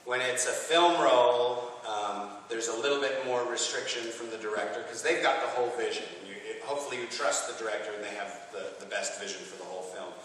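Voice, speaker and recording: A man from Texas answers questions at a convention panel. His voice is bright and lively, and he laughs easily between stories. He is recorded from far off in a big echoey hall with a faint hiss. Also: mid-range voice, a little fast, few pauses. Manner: chatty, laughs often, animated storytelling. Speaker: voice actor and panel guest.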